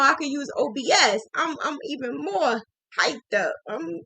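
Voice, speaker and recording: A woman hosting a casual live stream, warmly thanking viewers in quick, emotional, laughing bursts. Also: sits high, lively intonation, no echo. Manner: gushing, effusive thanks to viewers. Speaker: host of a crochet business livestream.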